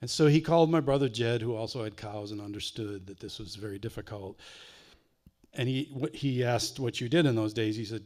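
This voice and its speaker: Folksy storyteller man. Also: fairly quick. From Wisconsin. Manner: folksy, dry humor, drops low and quiet on tender moments. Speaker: author giving a talk. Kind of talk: live storytelling to an audience. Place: library fine arts center before an audience.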